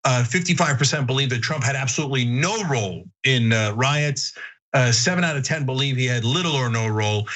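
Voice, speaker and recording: A man's voice: medium pitch, a little fast, low-quality recording. A man hosting a political commentary show, talking emphatically with sudden mocking outbursts. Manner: emphatic, animated, shouts mockingly at times.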